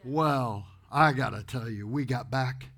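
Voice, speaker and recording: A pastor telling a story in an animated, exuberant sermon to a congregation in a church. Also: male voice, mid-range voice, unhurried. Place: church sanctuary before a congregation.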